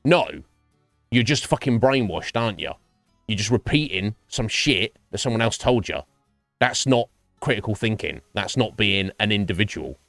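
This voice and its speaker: A man's voice: on the low side, animated, moderate pace, creaky, a bit bright, no echo, faint music behind. A man streaming and chatting casually with his viewers, rambling and swearing freely. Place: home streaming setup.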